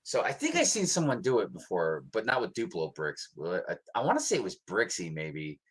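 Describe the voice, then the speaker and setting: On a livestream he co-hosts, a man from the United States rambles casually with frequent ums, sounding relaxed. His voice is fairly low, husky, and fairly quick.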